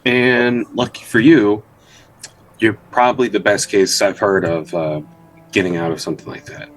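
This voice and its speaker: A man's voice: on the low side, fairly even intonation, moderate pace, low-quality recording. A man playing in a tabletop game, chatting loosely as he describes his character. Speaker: player. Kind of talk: casual tabletop play.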